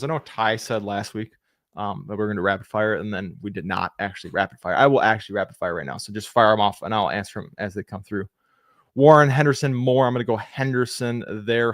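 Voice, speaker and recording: A young man hosting a casual live Q&A, reading viewer questions aloud, answering them quickly and thanking people by name. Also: mid-range voice, fairly bright tone, no echo, studio quality. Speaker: fantasy football livestream host.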